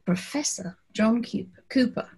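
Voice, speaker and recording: A woman with a Liverpool accent hosting a live interview over a video call, friendly and quick to laugh. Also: on the high side, creaky, warm tone, husky. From Liverpool, England. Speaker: host.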